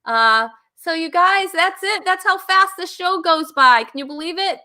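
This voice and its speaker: Bubbly high-voiced comedy show host woman. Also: animated, normal speed, bright, forceful tone. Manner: giggly and bubbly, laughs often. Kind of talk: casual chat on a live comedy show.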